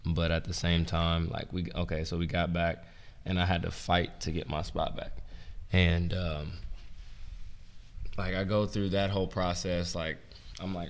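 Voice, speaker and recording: A young former college basketball player and coach tells stories in a casual interview, relaxed and rambling, his speech packed with "like" and "um." His voice is low and his pace measured, in a roomy space with long reverb.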